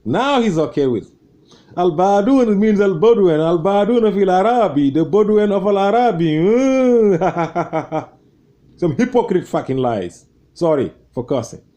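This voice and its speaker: A man's voice: sits high, very animated, measured pace, dark tone. A man hosting a debate show, giving heated, mocking commentary on a replayed clip and repeating his points. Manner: scornful, mocking, repetitive.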